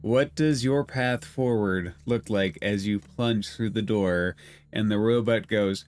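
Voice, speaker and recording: Male game master, measured and unhurried narration. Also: on the low side, a little mellow.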